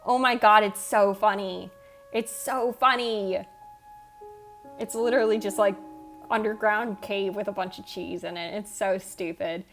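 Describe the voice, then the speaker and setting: A woman's voice: medium pitch, fairly even intonation, unhurried. Rambly, casual woman streamer. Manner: rambling, self-interrupting and swearing casually. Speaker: livestreamer. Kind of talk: casual chat reading out viewer comments. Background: faint background music.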